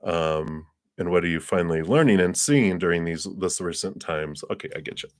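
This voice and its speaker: With a low-sitting voice, a man gives a tarot card reading over livestream. He rambles without hurry, filling gaps with plenty of fillers and soft laughs.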